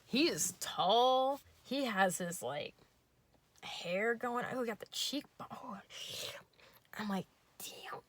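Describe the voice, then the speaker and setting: A young woman telling a dating story to camera, sarcastic and animated, swearing freely. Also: a little high, slow pace, long pauses. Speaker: vlogger. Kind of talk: storytime vlog.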